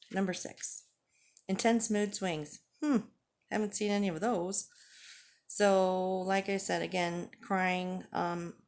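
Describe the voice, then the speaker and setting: A woman in her forties talking candidly to the camera in a halting, earnest way, with frequent pauses and fillers. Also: on the low side. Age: 40s. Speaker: vlogger. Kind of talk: candid personal vlog talk.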